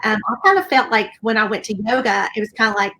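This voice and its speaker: A woman's voice: a little high, fast, sharp tone, poor audio. A woman hosting an interview, talking reflectively in a casual, conversational way. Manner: reflective, conversational, many fillers. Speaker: interview host. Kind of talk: casual chat.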